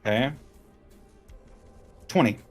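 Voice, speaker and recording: A man's voice: slow, faint music behind. A man playing a tabletop role-playing game, chatting casually and laughing a lot as he describes his character's actions. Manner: laughing, playful. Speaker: player.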